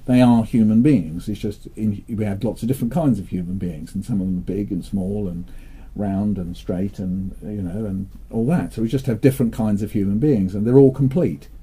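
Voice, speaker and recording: An older man from England chats in a relaxed interview, dry and playful, slipping into animated storytelling. His voice is very dark and mellow, with a husky edge, sitting a little low in pitch. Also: moderate pace, hardly any pauses. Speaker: interviewee, children's author. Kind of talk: relaxed interview chat with joke-telling.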